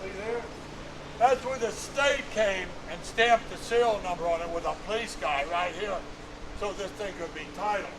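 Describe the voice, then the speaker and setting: A man's voice: high-pitched, normal speed, noisy background. A man in his nineties giving a museum tour, telling folksy stories in a plain-spoken, chuckling way. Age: 90s. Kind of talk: storytelling on a guided tour.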